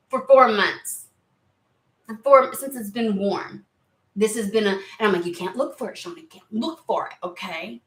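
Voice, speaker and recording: A woman chatting excitedly and rambling on tangents during a spiritual card reading video. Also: mid-range voice. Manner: excitable, rambling, lots of exclamations. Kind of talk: casual chatty reading vlog. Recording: roomy echo.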